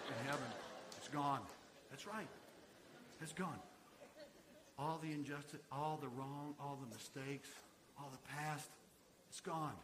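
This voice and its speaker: A man preaching a sermon to his congregation. He swings between soaring, emphatic peaks and quiet, hushed asides. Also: fairly high pitch, normal speed, some chatter behind, slight background noise. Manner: preaching that swells to shouted climaxes and drops to quiet asides. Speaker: pastor. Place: church sanctuary.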